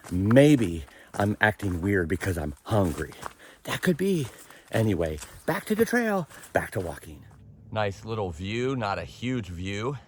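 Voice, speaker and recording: A man's voice: lowish voice, slight background noise. Rambling man vlogging on a mountain trail. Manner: rambling and self-deprecating, laughs at himself. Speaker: thru-hiker vlogging the trail. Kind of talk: casual trail vlog narration. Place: outdoors on a forested mountain trail.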